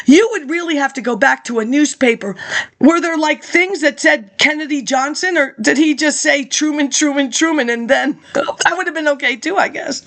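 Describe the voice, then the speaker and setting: Woman, high voice, reads archive speech aloud, drifts into loose chatty asides. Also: moderate pace, fairly bright tone. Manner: rambling, chatty asides, frequent laughs and throat clearing. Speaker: reader of archive documents. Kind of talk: reading a speech aloud with offhand commentary.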